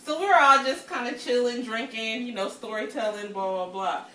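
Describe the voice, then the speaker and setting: Lively woman podcaster, laughs a lot, kinda high voice, echoey kitchen, sounds a bit far from the mic. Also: brisk. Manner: animated, laughs often, swears freely. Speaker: podcast co-host. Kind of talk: casual storytelling chat. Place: home kitchen.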